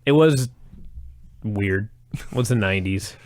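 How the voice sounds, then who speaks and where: A man's voice: lowish voice, unhurried, dry recording, clean studio sound. A man co-hosting a casual podcast chat about old wrestling shows, sarcastic and laughing often. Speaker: podcast co-host.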